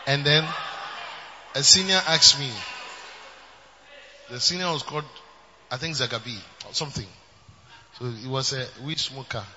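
A man preaching a sermon, moving between loud shouting and quieter storytelling. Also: mid-range voice, normal speed, pauses often, big-room sound, slight background noise. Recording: dull lo-fi recording.

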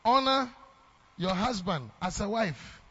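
A Ghanaian man preaches a sermon with a high-pitched voice, hammering his points home by repeating them. His Ghanaian English accent is strong. The recording sounds dull and lo-fi. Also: lively intonation, moderate pace, fairly bright tone. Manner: emphatic, repeats lines for effect, mixes in Twi phrases.

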